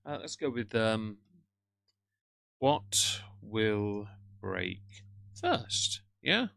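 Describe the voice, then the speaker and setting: Gravelly man rambling to his stream chat. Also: fairly low pitch, expressive, extremely slow, fairly bright tone, dry recording, studio quality. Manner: rambling, many fillers, greets chat by name. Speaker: livestream host. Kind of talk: casual livestream chat. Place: room upstairs at home.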